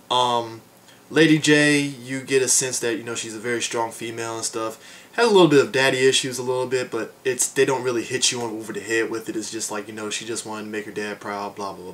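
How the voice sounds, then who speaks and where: A man's voice: medium pitch, fairly bright tone, slight background noise. A man giving a casual film review, rambling with frequent fillers and asides. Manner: rambling, many fillers like "and stuff" and "um". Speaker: movie reviewer.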